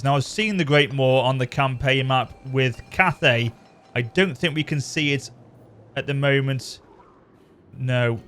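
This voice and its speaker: A man giving casual, rambling commentary over a strategy game. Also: mid-range voice. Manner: chatty, rambling, self-correcting. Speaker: gaming channel host. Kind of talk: casual let's-play commentary.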